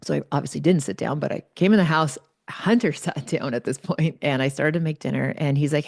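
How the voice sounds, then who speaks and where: A woman in her forties hosts her podcast and tells a personal story in a candid, chatty way, full of fillers and asides. Her voice sits low with a gravelly fry. The sound is dry and close. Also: brisk, few pauses, darkish tone, no echo. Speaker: podcast host.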